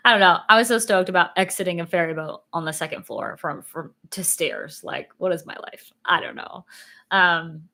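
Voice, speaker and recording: A woman's voice: on the low side, measured pace, vocal fry, bright, forceful tone. A young woman vlogging in a rambling, chatty way, full of "like" and "um", sleepy and yawning. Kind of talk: casual sit-down vlog chat.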